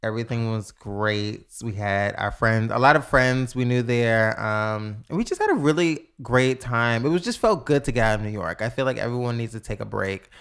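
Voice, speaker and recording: A podcast guest telling stories in casual, slangy chat, acting out quotes with big jumps in pitch. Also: lively intonation, normal speed, hardly any pauses, a bit bright, smooth.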